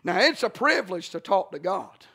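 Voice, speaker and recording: Male preacher with a very high voice, emphatic rhythmic sermon delivery. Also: sing-song, moderate pace, creaky, sharp tone, husky.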